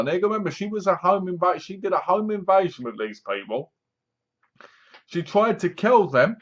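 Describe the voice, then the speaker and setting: A man's voice: high voice, lively intonation, normal speed. A man giving a sarcastic, casual spoken review, often acting out lines in funny voices. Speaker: film reviewer. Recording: dull lo-fi sound.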